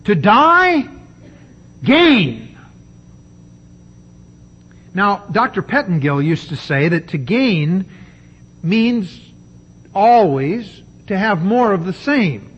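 A man preaching a sermon, emphatic and deliberate, with dramatic pauses. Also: high voice, lively intonation, slightly rough, highs cut off.

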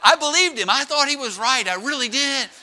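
A middle-aged pastor preaching a sermon, telling stories with lively slowdowns and sudden drops to a hush. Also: male voice, extremely high pitch. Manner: animated storytelling with dramatic slowdowns and drops to a hush.

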